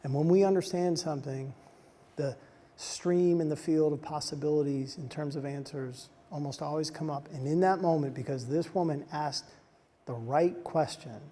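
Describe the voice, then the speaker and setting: A man giving a motivational talk to soldiers, telling stories in an animated way and dropping to a soft hush at emotional moments. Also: fairly high pitch, normal speed. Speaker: speaker addressing soldiers. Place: large hall on a military base. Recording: long reverb of a large hall.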